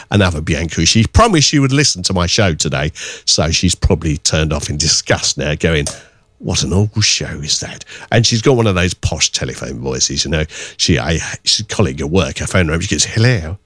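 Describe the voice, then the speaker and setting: A man presenting a radio show, chatting casually and sending shout-outs with a cheeky, teasing, self-mocking manner. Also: extremely low pitch, expressive, brisk, dry recording.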